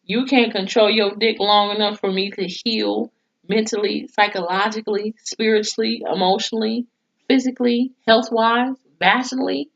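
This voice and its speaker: A woman's voice: mid-range voice, steady tone, normal speed. Woman vlogger reviewing TV, profane and sarcastic rants, mid-range voice, lo-fi audio. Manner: heated, profane ranting with sarcastic asides. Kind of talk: casual TV episode review vlog. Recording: dull lo-fi sound.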